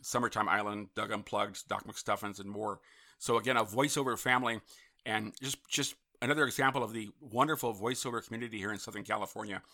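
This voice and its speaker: Bright, chatty male radio host. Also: lowish voice, steady tone, fast talker. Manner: chatty and upbeat, with asides and self-amused jokes. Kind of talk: live talk radio hosting. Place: Los Angeles studio.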